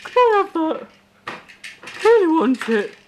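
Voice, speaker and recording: A woman's voice: extremely high pitch, very animated, slow pace, a little hiss or hum, voice pushed up, full character voice. A woman voicing her pet dog as it pleads for a baby's food. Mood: begging.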